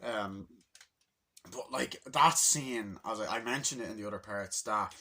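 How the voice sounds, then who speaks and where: Male reviewer, casual and rambling, excited, swears freely, bright timbre. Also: fairly low pitch, measured pace, husky. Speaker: movie reviewer.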